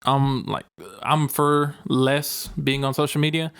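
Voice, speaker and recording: A man's voice: medium pitch, level tone, slow pace, fairly bright tone, clean tone, no echo, studio quality. A man co-hosting a podcast in casual chat, laid-back and slangy, laughing often. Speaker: podcast co-host.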